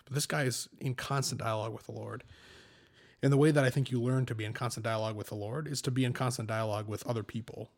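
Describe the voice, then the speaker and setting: Animated young man telling stories. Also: medium pitch, fast, vocal fry. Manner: animated storyteller, self-deprecating, laughs often. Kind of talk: casual faith discussion.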